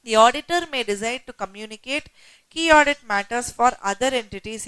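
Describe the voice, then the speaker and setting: Animated woman teaching a lecture. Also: fairly high pitch, clear, resonant tone, no room sound, poor audio. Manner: animated, asks the class rhetorical questions. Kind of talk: exam-prep lecture.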